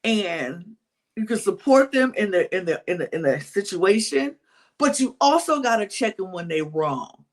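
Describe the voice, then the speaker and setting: A podcast co-host recapping with animated storytelling and acted-out quotes. The pitch swings widely from line to line while sitting in a middle register. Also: moderate pace. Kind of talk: casual chat recapping reality TV.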